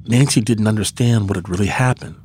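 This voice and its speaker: A man narrating a documentary in a measured, scripted storytelling manner. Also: lowish voice, darkish tone, slight background noise.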